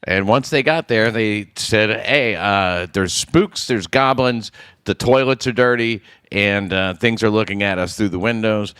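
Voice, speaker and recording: A man's voice: fairly low pitch, a little slow, a bit bright, clear, resonant tone, dry recording. A man guesting on a casual comedy podcast, telling a story in a dry, matter-of-fact way.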